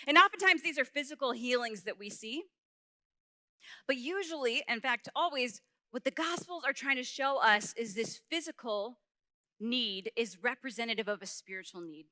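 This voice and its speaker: A young adult woman giving a faith talk at a youth conference, telling a personal story in an animated way and acting out the voices she quotes. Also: fairly high pitch, a little fast, no room sound, clean studio sound.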